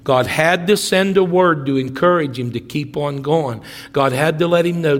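A man delivers a sermon in a church, retelling a story with voices acted out. He rises into excited, higher passages and drops to hushed ones. His voice sits a bit high and rings through a long hall reverb. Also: normal speed, soft background music. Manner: animated storytelling, acts out voices, swings from loud to hushed. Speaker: preacher. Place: church sanctuary.

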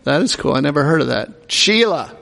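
A man with a slightly high, gravelly, fairly bright voice preaches a little fast with big swings in pitch. Whenever the congregation calls out an answer, the pastor repeats it, all in an echoey, reverberant hall.

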